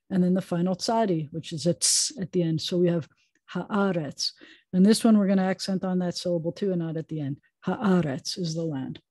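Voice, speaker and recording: Over a video call, a woman rabbi teaches a Hebrew reading lesson, patient and chatty with playful asides, sounding out letters slowly. Her voice is fairly low and warm, in a dry recording.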